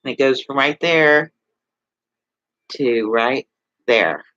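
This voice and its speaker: A man's voice: mid-range voice, takes it slowly, bright, forceful tone, muffled recording. A man with a Texas accent chatting casually to viewers on a livestream, rambling and asking them questions. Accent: Texan. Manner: rambling, talks straight to viewers with many questions. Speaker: livestream host.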